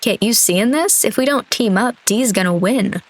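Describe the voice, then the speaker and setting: A woman's voice: mid-range voice, moderate pace, pitched above the performer's own voice, natural voice, poor audio. A woman voicing a mischievous, theatrical young friend who talks with exaggerated panache in a read-aloud story game. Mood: eager.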